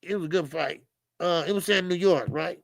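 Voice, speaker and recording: A man's voice: high-pitched, moderate pace, gravelly, no room sound. A middle-aged man with a Southern US accent hosting a loose, laughing boxing chat and swearing freely. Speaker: boxing show host. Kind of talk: casual live-stream chat.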